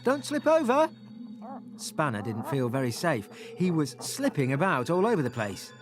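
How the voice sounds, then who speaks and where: A narrator telling an expressive scripted story for young children. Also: mid-range voice, moderate pace. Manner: expressive, bouncy. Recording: music playing behind.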